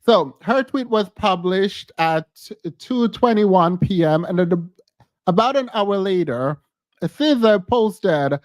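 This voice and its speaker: A man's voice: sits high, animated, slow, no echo. A man giving casual, chatty commentary on celebrity drama, laughing often as he talks. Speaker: pop culture commentator.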